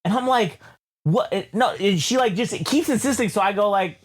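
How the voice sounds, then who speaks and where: A man co-hosting a casual album review chat, telling a long story with lots of swearing and laughter, jumping into loud high-pitched voices when he quotes himself. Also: fairly quick, a little hiss or hum. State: sweaty. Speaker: podcast co-host reviewing an album.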